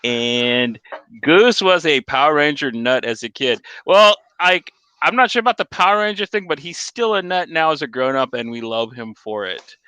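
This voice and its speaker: A man's voice: fairly high pitch, expressive, normal speed, pushed and bright, clean tone, dry recording. A young man hosting a comics podcast in casual chat, upbeat and joking as he reads out fan messages. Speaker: podcast host.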